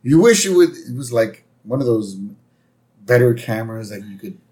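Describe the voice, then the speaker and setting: Animated male podcast co-host. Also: mid-range voice. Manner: animated retelling with quick impressions. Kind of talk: casual chat recapping a cartoon episode.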